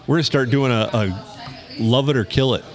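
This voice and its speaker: A man co-hosting a podcast in relaxed casual chat, easygoing and a little distracted. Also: mid-range voice, fairly quick. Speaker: podcast co-host.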